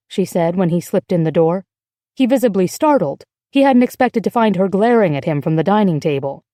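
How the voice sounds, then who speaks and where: Mellow woman narrating an audiobook. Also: medium pitch, animated, fairly quick, no echo, studio quality. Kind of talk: scripted narration.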